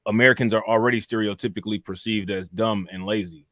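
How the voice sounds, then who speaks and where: A man co-hosting a livestream, chatting casually in slang and shouting out the chat. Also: on the low side, steady tone, fast talker, no echo, clean studio sound. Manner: slangy, laughing, hypes the chat. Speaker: livestream co-host.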